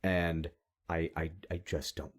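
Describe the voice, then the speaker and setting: A man's voice: deep voice, level tone, slow pace. A young man co-hosting a podcast, rambling through opinions in casual chat and swearing freely. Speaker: podcast co-host.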